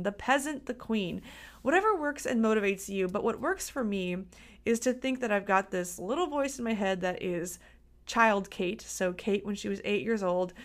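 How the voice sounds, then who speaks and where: A woman dietitian hosting a solo podcast, talking in an upbeat, chatty, coaching way. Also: mid-range voice.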